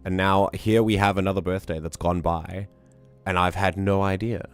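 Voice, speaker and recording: A hoarse man who is losing his voice, hosting a casual livestream and teasing his chat in a playful, talkative way. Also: low-pitched, level tone, moderate pace, soft background music. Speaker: livestream host.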